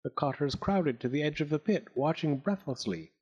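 A man reading a story aloud with expressive, dramatic narration. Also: fairly high pitch, moderate pace, slightly rough, dull audio.

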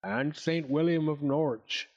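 A man's voice: a little high, steady tone, measured pace, a little mellow, muffled recording. A man voicing a gloomy, suspicious male peasant who groans and mumbles. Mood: grumbling.

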